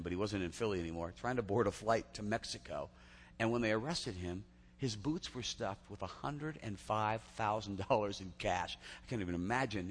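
A man's voice: lowish voice, a bit bright, slight background noise. A man preaching a sermon in a chatty storytelling way, often restarting his sentences. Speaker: pastor. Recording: long hall reverb.

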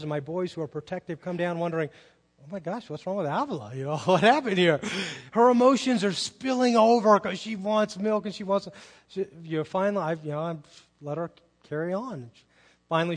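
A middle-aged man preaching a sermon, telling family stories in a conversational way and asking the congregation rhetorical questions. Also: high-pitched. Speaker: pastor. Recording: long reverb of a large hall.

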